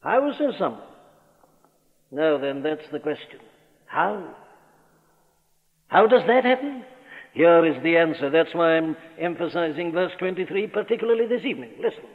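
His voice sits on the high side, animated and at a moderate pace, as he preaches earnestly and emphatically, asking rhetorical questions. The source is an old radio broadcast from a large church hall, with a thin, phone-like sound.

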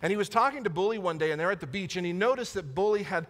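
A man's voice: high voice, lively intonation, very fast, a bit bright. A man, a pastor, preaching a sermon in an earnest way and repeating key lines for emphasis. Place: church sanctuary. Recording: long church hall reverb.

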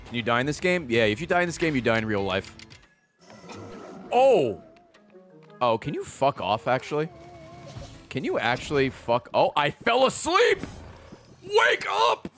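Wildly animated, swearing gamer man. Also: medium pitch, normal speed, pauses often, soft background music. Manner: profane, excitable running reactions. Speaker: video game streamer. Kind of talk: casual gameplay commentary.

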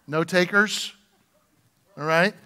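A man's voice: sits high, slow, pushed and bright, clean tone, long reverb tail. A man preaching a sermon as pastor in a church, speaking to the congregation and asking them to respond. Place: church sanctuary.

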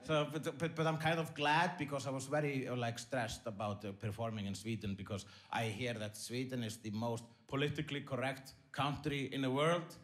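A man doing stand-up comedy on a theater stage, rambling and deadpan, with lots of fillers and restarts. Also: mid-range voice, normal speed, few pauses.

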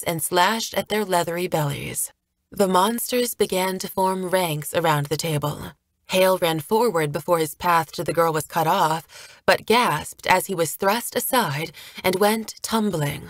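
Woman narrator, lowish voice, dry close sound, steady audiobook read. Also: no room sound. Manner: steady storytelling read of an action scene. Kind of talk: scripted narration.

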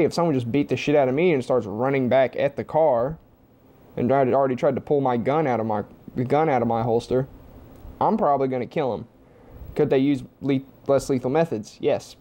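Man, young adult, casual vlog rant, blunt, lots of swearing, mellow low tone. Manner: blunt and heavily profane. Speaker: vlogger. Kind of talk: opinionated casual monologue. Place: home, with a TV on.

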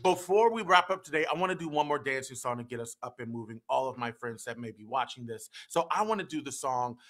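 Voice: mid-range voice, quick pace, faint music behind. A library story time host leading an interactive children's story with songs, prompting the audience to join in. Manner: animated, prompts kids to join in and sings.

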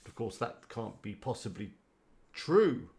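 A man's voice: mid-range voice, big pitch swings, unhurried, darkish tone, a little hiss or hum. A man chatting casually on a live stream, rambling and greeting viewers by name. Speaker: live-streaming website builder.

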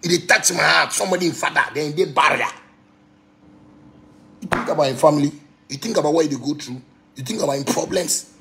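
A man in his thirties with a Ghanaian accent, ranting heatedly on a phone livestream and preaching, swinging between loud outbursts and low murmurs. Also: brisk, gravelly, long pauses, background noise. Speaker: musician live-streaming. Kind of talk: impassioned social media rant.

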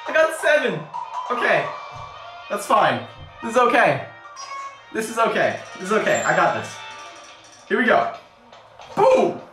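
A woman streaming a game, excitable and swearing often, yelling when she scores. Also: medium pitch, moderate pace, pauses often. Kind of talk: live game stream commentary. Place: bathroom. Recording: echoey bathroom, distant from mic, faint game music.

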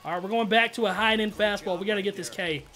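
A man giving casual, slangy commentary over his own gameplay, excitable and trash-talking, with loud outbursts. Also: high voice, very fast. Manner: slangy, keeps saying bro and dog. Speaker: gaming YouTuber.

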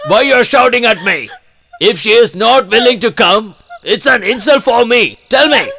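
A man's voice: very high-pitched, animated, normal speed, gravelly, sharp tone, faint music behind, heavily acted. A man dubbing a film role, talking in a stern, commanding way. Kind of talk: film dub. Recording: noisy film soundtrack.

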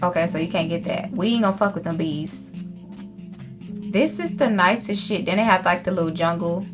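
A woman's voice: fairly low pitch, normal speed. A woman hosting a gaming channel, giving casual let's-play commentary in a chatty, profane way and talking straight to her viewers. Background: faint game music.

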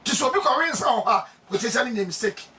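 High-voiced, animated Ghanaian preacher man. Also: very fast, recorded from a distance. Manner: emphatic, laughing, bursts of shouting.

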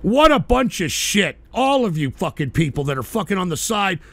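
Angry radio host, high gravelly voice, profane shouting rant. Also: male voice, big pitch swings, moderate pace, dry recording. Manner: angry, loud, swearing, shouting at viewers. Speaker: talk radio host reading paid chat messages.

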